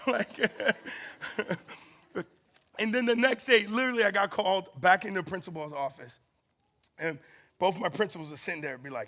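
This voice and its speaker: A high-pitched man tells a funny story from the pulpit, acting out the voices of the people in it. His voice is bright and forceful with a gravelly edge. He laughs often as he talks. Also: big pitch swings, fairly quick. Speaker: campus ministry speaker. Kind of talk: storytelling sermon.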